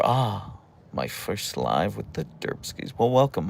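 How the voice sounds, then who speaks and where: A man's voice: low-pitched, very animated, normal speed, vocal fry, darkish tone. A young man from the Pittsburgh area hosting a casual livestream, reading out chat messages and answering with teasing, dry jokes. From Pittsburgh area, USA.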